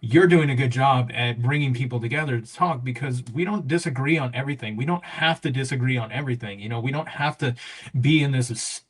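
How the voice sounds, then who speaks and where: A man's voice: medium pitch, a little fast, slightly rough. A man talking as a guest in a casual political chat, rambling and repeating "or whatever".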